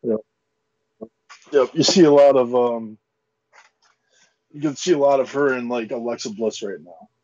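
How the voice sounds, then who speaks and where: A man's voice: medium pitch, a little slow, long pauses, dark tone. A man co-hosting a podcast in laid-back, agreeable casual chat. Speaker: podcast co-host. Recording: dull lo-fi recording.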